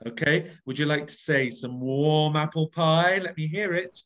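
A man's voice: on the high side, normal speed, fairly bright tone. A man leading an online voice workshop over a video call, coaxing the group and acting out each phrase with big, exaggerated expression. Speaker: voice workshop leader.

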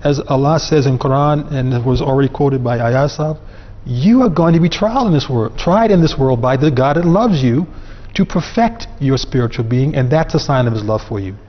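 A man's voice: mid-range voice, expressive, normal speed. A man speaking as a guest on a panel, explaining religious ideas earnestly and with emphasis. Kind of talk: religious discussion. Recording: dull sound with long reverb.

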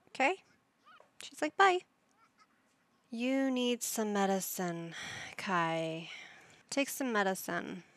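A woman narrates her game in a relaxed, unhurried way, talking to her little characters like a playful mom. Her voice carries a gravelly fry, and the close mic sounds dry with no room around it. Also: medium pitch, no room sound. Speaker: gaming YouTuber. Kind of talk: casual gameplay commentary.

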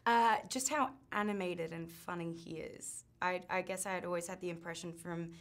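A woman's voice: on the low side, fairly even intonation, normal speed. A woman from Australia, an actress chatting casually in an interview, full of "like" and "um".

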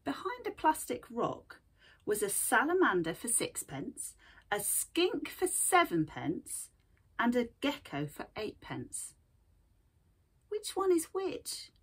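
A woman art teacher reading a picture book aloud and gently guiding young children to draw, asking them questions as she goes. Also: fairly high pitch, wildly swooping pitch, slow pace, husky.

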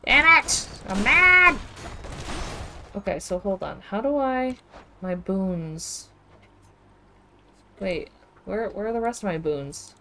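A woman streaming a game from home, reacting aloud in casual, expressive commentary full of exclamations. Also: mid-range voice, slow pace, pauses often, slight background noise. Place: home with webcam.

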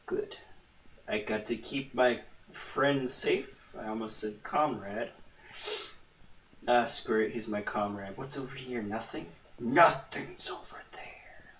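Male let's-play host, goofy rambling jokes, unhurried talk, a bit off-mic. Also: medium pitch, steady tone, far from the mic, a little hiss or hum. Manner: rambling, joking, self-mocking. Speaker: gaming channel host. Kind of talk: casual let's-play commentary. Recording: roomy echo, voice away from the mic.

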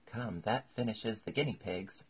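Brief: a man voicing a prim, curious storybook girl, thinking aloud, husky and low. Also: unhurried. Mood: musing. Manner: thoughtful, musing to herself.

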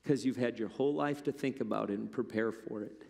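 A man's voice: medium pitch, fairly quick, vocal fry, darkish tone. A male pastor preaching a sermon in a conversational, storytelling way. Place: church. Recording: long church-hall reverb.

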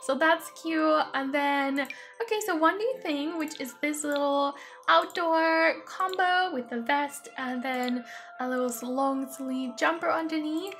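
High, lively, gushing young woman. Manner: gushing and excitable, frequent gasps. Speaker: gaming YouTuber. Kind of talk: game review commentary.

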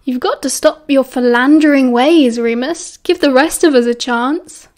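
A British woman reading an audiobook, voicing a loud, teasing teenage boy. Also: a little slow. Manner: booming, teasing.

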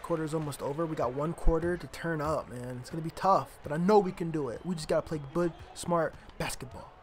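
A man's voice: on the high side, quick pace. A young man casually commentating his own basketball video game, muttering, swearing and trash-talking the players on screen. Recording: home recording with clear background noise.

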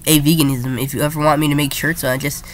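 A woman giving playful, jokey commentary while playing a strategy game, often jumping into silly high voices. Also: little pitch movement, quick pace. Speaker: gaming YouTuber. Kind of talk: casual gameplay commentary.

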